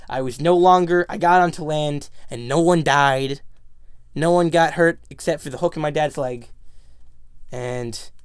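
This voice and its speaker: A man dramatically telling a near-death story in casual chat, excitable and stumbling over his words. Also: a little high, a little slow, smooth, no room sound, clean studio sound. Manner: dramatic, excitable, frequent restarts.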